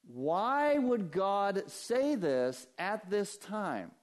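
A man preaching a sermon as pastor, rising to emphatic peaks and dropping to hushed, low passages. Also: very animated, extremely slow.

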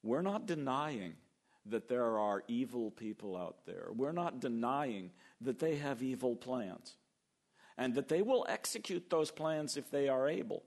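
An older man preaching a sermon, lively and acting out the quoted voices as he goes. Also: medium pitch, unhurried. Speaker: pastor.

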